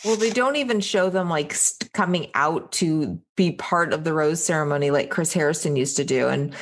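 A woman's voice: low voice, normal speed. A woman co-hosting a podcast, leading the episode recap in casual chat and acting out what the cast said. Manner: animated storyteller, narrates the episode and acts out quotes. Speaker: podcast co-host.

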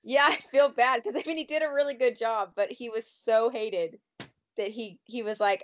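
A woman chatting casually, filling in details with a quick laugh here and there. Her voice sits a little high. She talks the way people talk on a relaxed podcast. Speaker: podcast co-host. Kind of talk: casual chat.

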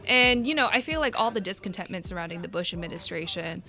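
A woman co-hosting a podcast, explaining and telling stories in a casual, animated way. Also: fairly low pitch, fast, vocal fry, faint music behind. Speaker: podcast co-host. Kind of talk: casual music discussion.

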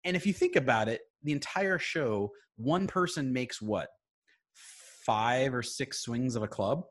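A man co-hosting a casual chat, animated and quick to act out little scenes. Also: mid-range voice. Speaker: podcast co-host.

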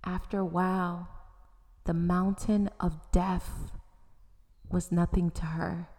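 A woman narrating a story in a slow, dramatic way, often dropping to a whisper. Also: fairly low pitch, level tone, darkish tone. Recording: long hall reverb.

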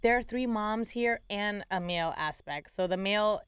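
A woman co-hosts a podcast, chatting casually as a mother in a smooth, medium-pitched voice at a moderate pace. She's a lively storyteller who acts out the quoted voices of her family.

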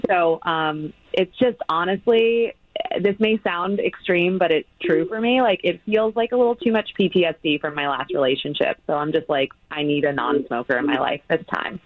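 A woman's voice: on the low side, moderate pace. A bubbly, chatty young woman talking casually on the phone to radio hosts. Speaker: caller on a radio dating segment. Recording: tinny phone line.

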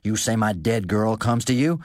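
A man voicing a gruff, hot-tempered grieving farmer who speaks forcefully, read as an audiobook character. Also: on the low side, normal speed, dry recording, studio quality, pitched above the performer's own voice, lightly acted.

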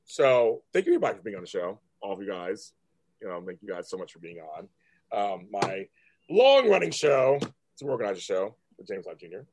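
A man in his fifties from California, hosting a casual chat and talking in a rambling, halting way with many restarts. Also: low-pitched, lively intonation, darkish tone. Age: 50s. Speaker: host.

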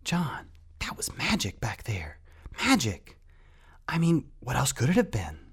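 A man voicing an excitable young boy who whispers breathlessly as he runs. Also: mid-range voice, unhurried, breathy edge, pitched above the performer's own voice, heavily acted. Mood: excited whisper.

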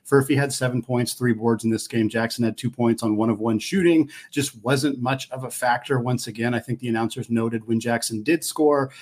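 A man talks through the game results in a loose, conversational way, often restarting a thought mid-sentence. His voice is husky and slightly rough, at an ordinary pitch for a man. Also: steady tone, moderate pace, hardly any pauses, a little mellow. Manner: conversational, thinks aloud with restarts. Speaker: podcast co-host. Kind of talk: casual sports analysis chat.

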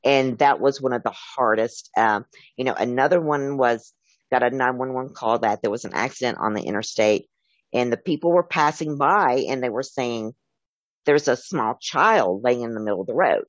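A man's voice: medium pitch, lively intonation, normal speed, dry recording, muffled recording. A man, a former emergency dispatcher, telling stories in an interview in an earnest way, acting out the callers' words. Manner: earnest, recounts calls with quoted dialogue. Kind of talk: storytelling in an interview.

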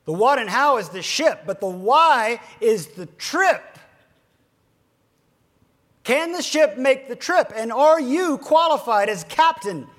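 High-voiced man giving a dramatic keynote. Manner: dramatic, swings between loud emphasis and hushed near-whisper; slows down to stress key phrases. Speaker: keynote speaker to financial advisors. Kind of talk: motivational keynote speech.

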